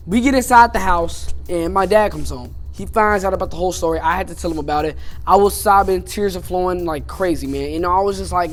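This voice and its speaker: A man's voice: sits high, a little fast, faint music behind. A man telling a personal story on his vlog in a loose, casual way, dropping "man" and "you know" into nearly every sentence. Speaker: YouTuber.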